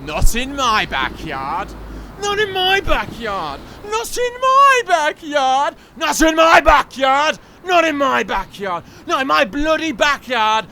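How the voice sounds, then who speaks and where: A man's voice: sits high, a little hiss or hum, full character voice. An actor playing an irate xenophobic man who rants theatrically at a tree in his garden outdoors. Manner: theatrical ranting, shouted chants.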